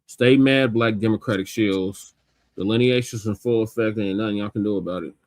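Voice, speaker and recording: A man's voice: on the low side, fairly quick, no room sound. A male podcast host, laid-back and matter-of-fact, steering the talk between topics. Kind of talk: casual podcast chat.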